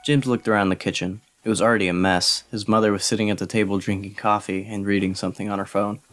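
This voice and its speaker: A man narrating an audiobook in a steady, plain way. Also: lowish voice, fast.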